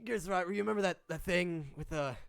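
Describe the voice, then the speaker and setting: A man's voice: high-pitched, a little fast, vocal fry, fairly bright tone, clear, resonant tone, dry recording. A man narrating as game master in a tabletop game, rambling with many restarts. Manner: rambling, frequent restarts and fillers.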